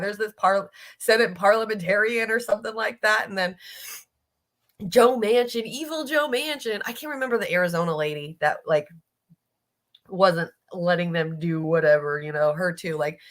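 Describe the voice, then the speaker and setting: A woman's voice: lowish voice, moderate pace, a bit bright. Profane, exasperated woman ranting casually. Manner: blunt, profane, exasperated, reads chat aloud. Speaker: streamer host. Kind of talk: casual political livestream chat.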